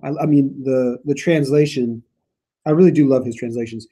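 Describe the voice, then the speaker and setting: In a church meeting room, a man teaches a conversational Bible study at normal speed, his mellow, medium-pitched voice fairly even in intonation. He muses casually, pausing his comments to read scripture out loud with emphasis.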